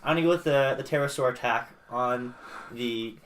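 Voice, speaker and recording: A man on a casual debate panel, talking up a favorite scene with quick, jokey enthusiasm. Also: mid-range voice, a bit bright, a little hiss or hum. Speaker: panel guest.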